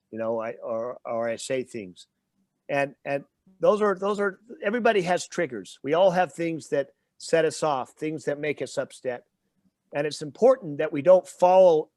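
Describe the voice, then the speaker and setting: A man's voice: a little high, darkish tone, no room sound. A man as the guest speaker and trainer in an interview, explaining with everyday examples and stopping to check in with the listener.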